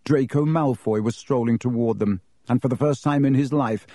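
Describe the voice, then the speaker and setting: A man narrating a storybook audiobook in an even, measured reading. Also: medium pitch, no echo, clean studio sound.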